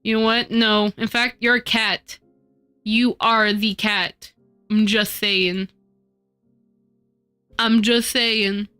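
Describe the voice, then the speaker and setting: A woman's voice: medium pitch, level tone, takes it slowly, pauses often, sharp tone, clear, resonant tone, soft background music. A woman streamer chatting casually with her live chat as she works, teasing and mock-indignant in her banter.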